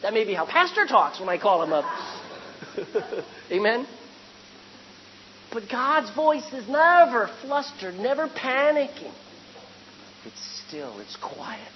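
A male preacher delivering a lively, conversational sermon that swings between loud emphasis and hushed tones. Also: extremely high pitch, slow, pauses often. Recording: dull, echoey hall with faint hum.

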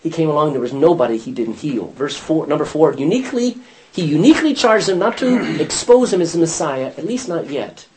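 A man's voice: fairly high pitch, sing-song, a little fast, a little mellow, husky, rough recording. A man leading a Bible study class, reading scripture aloud and putting questions to his students.

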